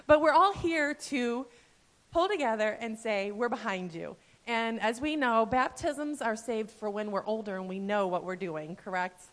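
A woman in her fifties speaks to her church congregation, heartfelt and earnest, and she often pauses on soft fillers. Her voice sits at an ordinary middle pitch. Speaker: pastor's wife speaking at church. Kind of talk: church message. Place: church sanctuary.

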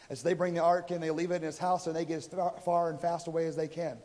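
High-voiced man preaching in a hall. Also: little pitch movement, fast, a little mellow. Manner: casual, conversational retelling with acted quotes. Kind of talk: sermon storytelling. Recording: reverberant hall.

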